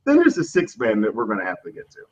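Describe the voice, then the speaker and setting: A man co-hosts a wrestling preview chat, speaking casually and hesitantly and restarting sentences. He has a husky, fairly low voice with huge pitch swings and talks fast. The mic sounds dull and lo-fi.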